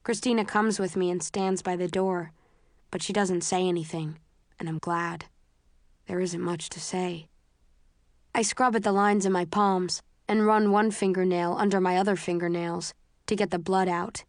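Brief: woman narrator, low voice, dry close studio sound, understated and tense. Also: fairly even intonation, normal speed, dry recording. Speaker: audiobook narrator. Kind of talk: first-person scripted narration.

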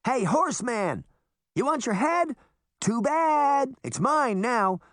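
A man voicing a sharp, bossy young girl who scolds and taunts. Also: medium pitch, sing-song, moderate pace, no echo, studio quality, pitched above the performer's own voice. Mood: taunting. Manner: impatient, scolding.

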